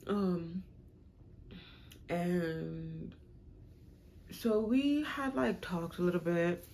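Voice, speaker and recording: A young woman casually telling a storytime vlog about her relationship, animated and dramatic, with sudden high jumps when she acts out arguments. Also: extremely slow, creaky, slight background noise. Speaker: vlogger.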